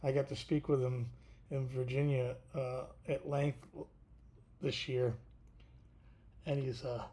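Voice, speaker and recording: A tired man hosting a casual livestream, talking haltingly with many fillers and restarts. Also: medium pitch, little pitch movement, warm tone. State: tired, yawning. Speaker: podcast host.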